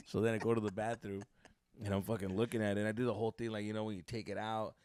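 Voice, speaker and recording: A young man co-hosting a podcast, telling a crude, animated story in casual chat with lots of swearing. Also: fairly low pitch, racing, clean tone, dry recording, studio quality. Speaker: podcast co-host.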